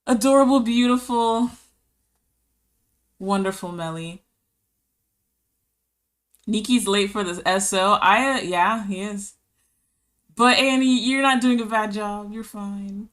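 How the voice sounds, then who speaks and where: A woman's voice: mid-range voice, fairly even intonation, a little slow, fairly bright tone. A woman streamer talking casually with her chat while she draws, reading messages aloud and giggling often.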